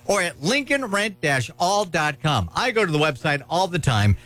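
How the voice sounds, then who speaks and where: A man's voice: a little high, normal speed. A man reading a radio commercial in an upbeat, salesy way. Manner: upbeat, salesy, lively delivery. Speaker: radio ad announcer. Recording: music bed behind voice.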